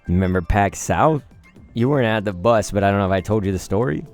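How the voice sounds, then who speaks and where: A man commentating over gameplay, telling animated, profanity-laced stories in a rambling, casual way. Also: lowish voice, quick pace, faint music behind. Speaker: gaming commentator.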